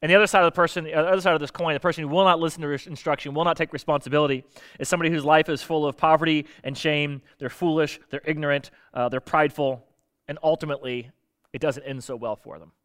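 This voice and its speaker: A man preaching a sermon in a conversational, lively way, explaining Bible verses with everyday stories and acting out the voices he quotes. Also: fairly high pitch.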